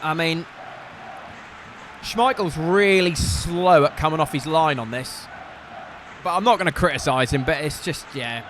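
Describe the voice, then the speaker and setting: A man casually commentating his own football video game, frank and quick to swear when frustrated. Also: a little high, a bit bright, a little hiss or hum. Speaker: gaming content creator. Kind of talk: casual live gameplay commentary.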